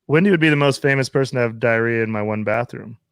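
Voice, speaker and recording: A man's voice: medium pitch, fast, creaky, smooth, dry recording, clean studio sound. A man, a comedian guest, joking in an easygoing way in a casual chat.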